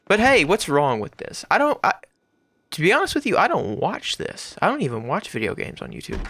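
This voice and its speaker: Excitable, rambling gamer man, lively voice. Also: a little high, brisk, no echo. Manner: rambling, excitable, sudden loud outbursts and swearing. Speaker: gaming YouTuber. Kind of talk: casual let's-play commentary.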